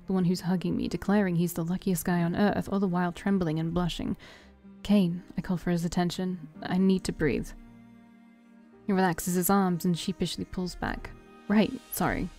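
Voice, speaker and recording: Mellow-voiced woman reading a game aloud. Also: on the low side, flat delivery, fairly quick. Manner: reads all parts in her own voice, joking asides. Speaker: let's-play streamer reading a visual novel aloud. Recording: faint game music behind.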